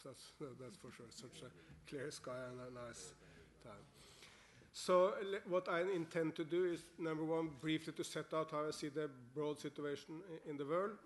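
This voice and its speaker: A middle-aged man from Norway with a Norwegian accent, giving a formal speech to a parliament as guest speaker. He talks in an upbeat way and repeats words while he searches for them. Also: mid-range voice. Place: parliament chamber.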